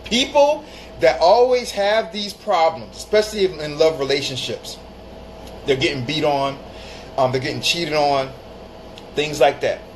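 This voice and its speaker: A man's voice: a little high, unhurried, a little hiss or hum, rough recording. Emphatic man giving live-stream advice. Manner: emphatic, repeats phrases for stress; greets viewers mid-talk.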